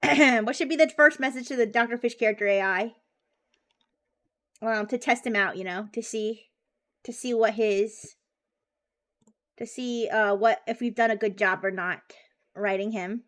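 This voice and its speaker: A woman's voice: fairly high pitch, measured pace, pauses often, a bit bright. A woman streamer chatting casually and bubbly, with frequent giggles and restarts. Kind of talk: casual live-stream chat.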